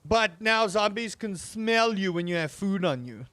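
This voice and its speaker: A man's voice: sits high, animated, measured pace, bright, forceful tone, no echo. A young man streaming a game, chatting casually and rambling to his chat while he plays. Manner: rambling, self-amused, talks to chat and to the game. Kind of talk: casual gameplay livestream chat.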